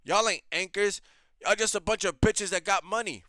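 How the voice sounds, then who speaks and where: A man's voice: high-pitched, moderate pace, bright, forceful tone, no room sound. A man hosting a reaction show, ranting in blunt, heated, profane commentary.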